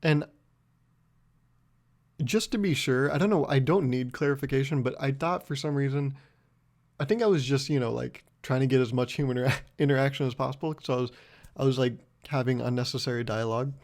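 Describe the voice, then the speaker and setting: A young man talks through a solo podcast in a loose, rambling way, swearing freely and making fun of himself. His voice has a gravelly, creaky texture at an ordinary middle pitch. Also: a little fast, a little mellow. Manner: rambling, profane, self-mocking storytelling. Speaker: podcast host. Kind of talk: casual solo podcast monologue.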